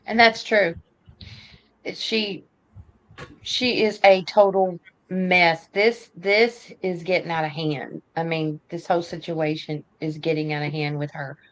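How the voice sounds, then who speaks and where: A woman's voice: fairly low pitch, steady tone, slow pace, poor audio. A woman co-hosting a casual political chat, blunt and opinionated, drawing out her phrases. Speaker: podcast co-host.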